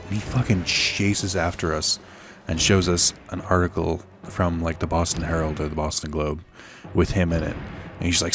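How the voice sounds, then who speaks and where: A man's voice: sits low, fairly even intonation, normal speed, over music. A young man telling a rambling, sardonic story while playing a video game, full of fillers. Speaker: let's play host. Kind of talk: casual storytelling while gaming.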